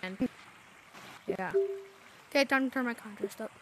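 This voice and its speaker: A woman's voice: on the high side, normal speed, noisy background. A woman commenting casually on her gameplay, jumpy and easily startled, complaining as she goes. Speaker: game streamer.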